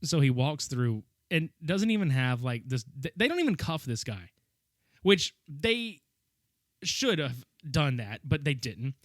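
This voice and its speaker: Animated, foul-mouthed male podcast host. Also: medium pitch, a little slow, dry recording, clean studio sound. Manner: profane, animated, laughs a lot. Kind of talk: casual movie-riffing chat.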